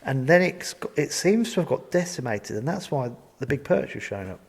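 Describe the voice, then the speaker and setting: Gravelly-voiced man in a reverberant room. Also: mid-range voice, big pitch swings, moderate pace. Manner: reads results plainly, chatty asides. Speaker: podcast host reading match results. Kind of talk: casual chat.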